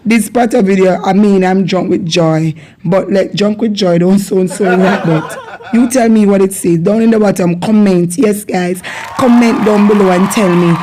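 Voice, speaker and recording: A woman with a Jamaican accent hosting a casual video lesson on Patois, energetic and laughing often. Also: medium pitch, moderate pace. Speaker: channel host teaching Jamaican Patois.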